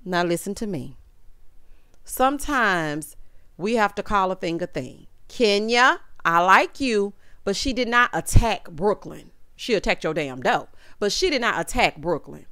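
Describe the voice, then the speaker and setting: A woman, giving a sassy, animated reality TV recap and calling her viewers honey and child. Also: mid-range voice, unhurried, dry recording, clean studio sound. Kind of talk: casual recap commentary.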